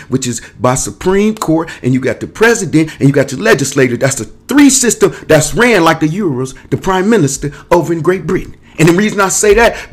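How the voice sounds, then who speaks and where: On his own show, a man with a slightly rough voice on the high side rambles to camera. The monologue wanders restlessly from topic to topic, delivered in a streetwise, casual manner with cursing.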